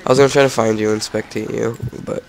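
A teenage boy who is sick, his voice cracking as he rambles through a casual game commentary and breaks into shouted frustration. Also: on the low side, steady tone, fast talker, vocal fry. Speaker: gamer.

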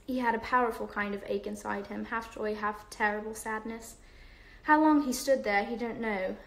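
A woman's voice: on the high side, moderate pace, creaky, reverberant, rough recording. A woman reading a novel aloud to viewers on a livestream, unpolished, with fillers and self-corrections.

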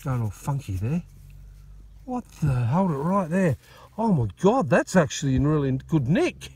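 Excitable Australian man, blokey and upbeat. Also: a little high, moderate pace, breathy edge. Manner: excitable, blokey, lots of "mate" and "righto". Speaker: metal detecting channel host. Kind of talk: casual outdoor vlog chat. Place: outdoors at a dig site. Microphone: phone camera.

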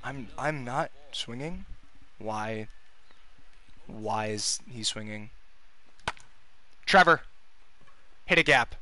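A man's voice: medium pitch, takes it slowly, pauses often, bright, forceful tone, a little hiss or hum. A young man giving casual, profane gameplay commentary as a gaming video host, venting frustration and urging on his players.

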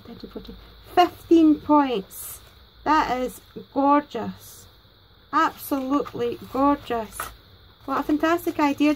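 A Scottish woman hosting a crafting vlog, gushing excitedly and a bit nervously over gifts. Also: high-pitched, a little hiss or hum, low-quality recording. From Scotland. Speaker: crafting channel host. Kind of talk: casual unboxing vlog.

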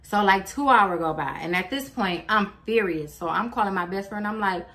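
A woman's voice: mid-range voice, moderate pace. Blunt, swearing woman telling a storytime. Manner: animated, blunt, swears freely, acts out quotes. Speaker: vlogger. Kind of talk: casual storytime.

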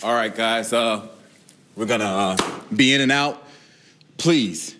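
A man's voice: fairly low pitch, slow pace, very noisy. A man playing a press conference moderator who lays down stern rules. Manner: stern, officious.

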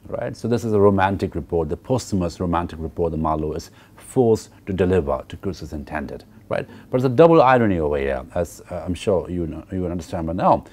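A man's voice: deep voice, animated, brisk, a little mellow. A man lecturing on a novel in a university course. He explains step by step, often checks in with "okay" and "right", and uses many fillers and repeated words. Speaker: literature lecturer.

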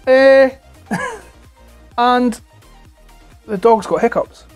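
A man in his forties with a Scottish accent, chatting casually to camera about toys at home on a clip-on mic, his voice hoarse and close to breaking, rambling and swearing freely. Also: very high-pitched, normal speed, long pauses, darkish tone, soft background music. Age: 40s. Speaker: toy collector vlogger. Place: at home indoors. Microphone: clip-on lapel mic.

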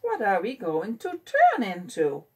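A woman's voice: mid-range voice, wildly swooping pitch, unhurried, a little mellow, husky, full character voice. A woman voicing an eager, curious young male pollywog who becomes a frog, in a picture-book reading.

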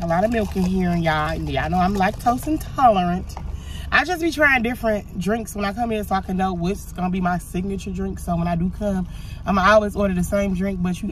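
A chatty woman in her thirties talks straight to the camera in a loose, colloquial vlog. Her voice sits at an everyday middle pitch. A faint hum of noise runs under the recording. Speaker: vlogger. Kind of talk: casual chat to camera.

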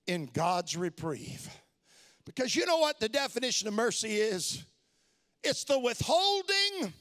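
Middle-aged male pastor, high ringing voice; hushed lows, shouted peaks, repetition. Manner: swings from hushed low asides to shouted emphasis; repeats phrases for emphasis. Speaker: preacher. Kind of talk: sermon.

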